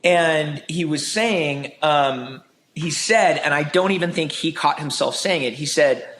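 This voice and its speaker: A man guesting on a podcast, telling stories in an animated, chatty way. His voice sits a bit high for a man. He leans on casual fillers and laughs readily, and a faint background hiss runs under the recording. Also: a little slow. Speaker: podcast guest, hospitality business owner. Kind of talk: conversational storytelling.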